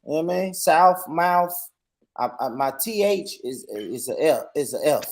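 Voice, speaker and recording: A man from Tennessee with a Southern accent, excitable and goading in casual chat. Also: mid-range voice, fairly quick.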